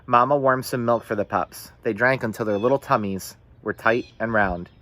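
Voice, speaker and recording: A man reading a novel aloud in the first person, with steady, earnest storytelling. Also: mid-range voice, normal speed. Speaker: audiobook reader.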